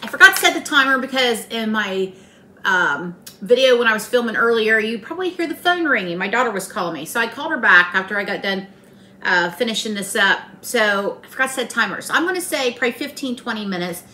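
A woman's voice: fairly high pitch, animated, fast, bright, forceful tone. A middle-aged woman, hosting a casual home cooking demonstration in a chatty, folksy, teasing way. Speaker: home cooking channel host. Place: home kitchen.

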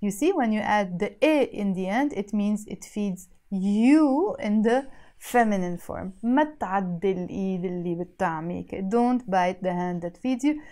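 A woman with a Lebanese accent teaching a spoken language lesson, saying each phrase, then repeating it slowly and breaking it down word by word. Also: medium pitch, animated, mellow.

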